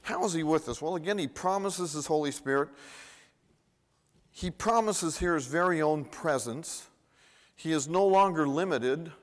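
A pastor delivers his sermon with animated emphasis, swinging between loud, excited lines and quiet, intimate ones. His voice sits a little high for a man, and he often restarts and repeats words. The long reverb of the church hall trails after each phrase. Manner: animated, emphatic preaching with rising and falling intensity.

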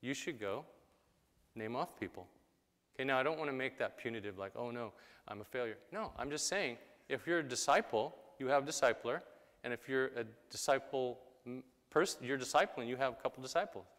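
Male preacher, mid-pitched, chatty delivery that slips into quick character voices, with a long hall echo. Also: a bit bright. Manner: conversational, acts out quick quoted voices. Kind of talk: sermon.

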